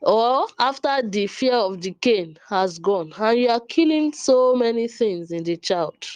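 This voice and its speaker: A woman gives parenting advice in an earnest, casual way. Her voice sits fairly high and she takes her time. She is recorded close and dry, with no room sound around her. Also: lively intonation, unhurried, a little mellow, no room sound, lo-fi sound. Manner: earnest, frequent laughs, restarts and repeats words. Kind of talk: casual talk to camera.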